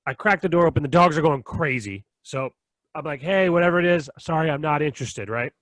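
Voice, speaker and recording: A man's voice: a little high, expressive, moderate pace, a bit bright, dry recording. A young man co-hosting a podcast, telling a long story with lots of swearing and acting out both sides of an argument. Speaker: podcast co-host. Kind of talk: casual storytelling chat.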